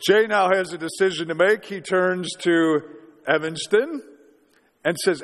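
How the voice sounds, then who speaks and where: Male pastor, 40s, high voice, conversational sermon with rhetorical questions, reverberant church hall. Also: a little slow.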